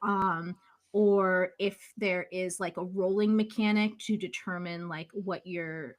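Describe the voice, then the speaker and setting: Slow, thoughtful woman in casual chat. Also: lowish voice, fairly even intonation. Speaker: podcast co-host.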